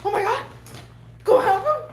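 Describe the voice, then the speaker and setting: A woman mimicking a frantic, squeaky-voiced boss. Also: moderate pace. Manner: frantic, high-pitched, shouted orders. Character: frantic pushy male boss, barking orders. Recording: echoey room with faint hum.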